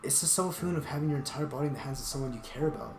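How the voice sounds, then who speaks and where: A man's voice: fairly high pitch, very fast, background noise, lightly acted. A man reading the part of a flustered young man in a visual novel, hesitant and self-conscious. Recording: roomy echo with guitar music.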